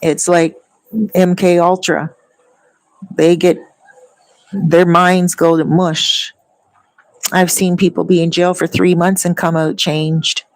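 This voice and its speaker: A woman's voice: fairly low pitch, little pitch movement, slow pace, pauses often, no room sound, rough recording. A woman talking casually to her viewers, rambling and long-winded as she tells stories. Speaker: vlogger. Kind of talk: casual chat.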